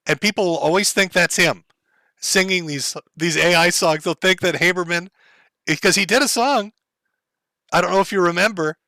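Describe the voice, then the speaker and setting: Bright-voiced Minnesota man hosting a livestream. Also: high voice, no echo. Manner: profane, rambling, chuckling. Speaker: livestream host. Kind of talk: casual livestream chat.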